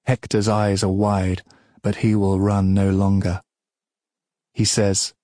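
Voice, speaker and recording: A male audiobook narrator reads in a measured, solemn manner. His voice is low and husky, his pace very slow. The sound is dry and close, with no room around it. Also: little pitch movement, a little mellow, dry recording.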